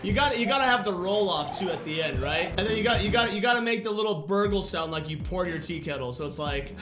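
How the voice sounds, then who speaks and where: Excitable streamer yelling over game music. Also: medium pitch, fast. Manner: loud, excitable yelling, swearing and laughing. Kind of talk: live gameplay commentary. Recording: roomy room with game music.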